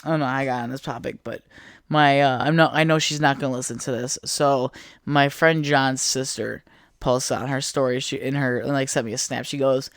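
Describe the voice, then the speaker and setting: A man's voice: medium pitch, steady tone, a little fast, fairly bright tone, no echo. Male solo podcaster, mid-range voice, foul-mouthed rambling storyteller, apartment setting with a dry sound. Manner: crude, rambling, profane, easily sidetracked. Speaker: podcast host. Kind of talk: solo casual podcast rant. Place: apartment room.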